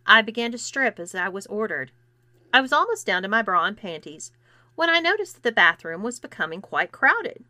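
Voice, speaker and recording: A woman narrates a story with a bright, tense edge and a lively, swooping pitch. She acts out the dialogue by changing her pitch and loudness. The close mic is dry, with no room sound. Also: a little fast, no echo. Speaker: erotica podcast reader. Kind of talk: scripted fiction narration.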